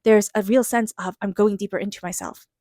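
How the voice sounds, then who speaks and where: A woman giving a casual tarot reading, chatty and expressive, acting out little reactions in between. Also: mid-range voice, fairly quick, no echo, studio quality. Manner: soft repeated chanting invocation. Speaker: tarot reader.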